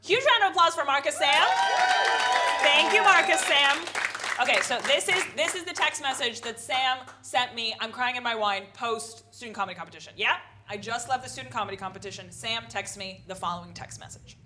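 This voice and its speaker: A woman in her thirties performing a live stand-up set, animated and quick to jump into loud put-on voices. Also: on the high side, crowd noise. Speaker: stand-up comedian. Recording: live comedy club with audible noise.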